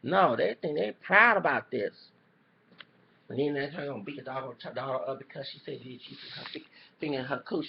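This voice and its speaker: A man's voice: on the high side, expressive, normal speed, vocal fry. A man giving a heated reaction rant as a YouTuber, cussing and repeating himself, then apologizing for his swearing. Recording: dull lo-fi recording.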